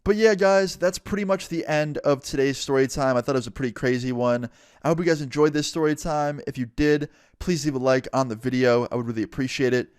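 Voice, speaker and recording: A young man relaxes into a casual storytime vlog, his retelling lively and peppered with swearing. His voice sits at an ordinary middle pitch. The recording is close and dry, with no room sound. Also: fairly quick, clear, resonant tone, no room sound. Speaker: storytime vlogger.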